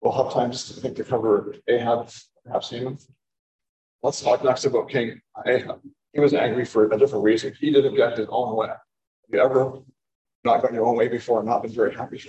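A man's voice: medium pitch, fairly even intonation, brisk, a little mellow, dull audio. A man giving a sermon on scripture in a conversational way, often repeating words as he finds them. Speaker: preacher. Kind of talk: sermon, Bible teaching.

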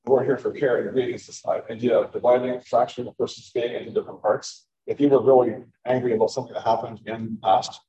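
A man teaching a sermon as a pastor, in a measured, halting way. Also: medium pitch, fairly even intonation, dark tone. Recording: roomy, distant, dull recording.

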